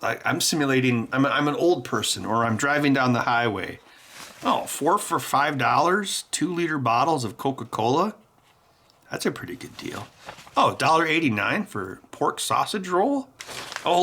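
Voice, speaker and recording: A man hosting a casual vlog, animated and jokey with frequent laughter. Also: medium pitch, normal speed, slightly rough. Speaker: tech YouTuber.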